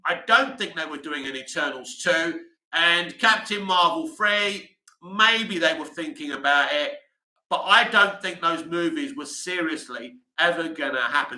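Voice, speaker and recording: Chatty man with a sharp bright voice. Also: fairly high pitch, echoey room, low-quality recording. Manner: rambling, chatty, fillers like "you know". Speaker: livestream host. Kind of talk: casual livestream chat answering viewer comments.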